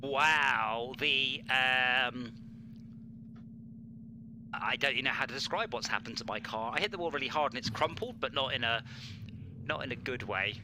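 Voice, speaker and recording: Casual gaming chat from a man streaming a racing game, full of jokes and rambling fillers. His voice sits mid-range at a normal speed, with long pauses and background noise behind him.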